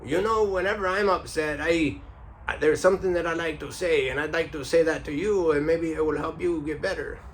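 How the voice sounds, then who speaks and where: A man's voice: on the high side, brisk, a little hiss or hum, voice pushed up, lightly acted. Man doing a friendly, sing-song cook. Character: kind, cheerful man who loves to cook.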